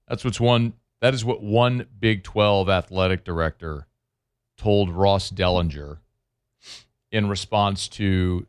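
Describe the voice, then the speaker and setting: A middle-aged man hosting a sports talk radio show from a studio, talking in an animated, emphatic way that swings up and down. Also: low-pitched.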